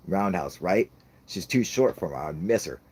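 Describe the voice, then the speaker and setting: Deep husky guy cussing nonstop, laughing, voice jumps all over. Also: darkish tone. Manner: profane, laughing, rambling comic rant. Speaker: podcast host. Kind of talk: casual chat.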